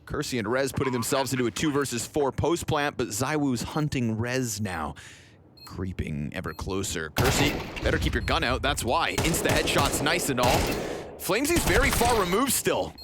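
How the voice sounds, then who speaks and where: A man calling live esports play-by-play with animated, vivid commentary. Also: mid-range voice, normal speed, very noisy.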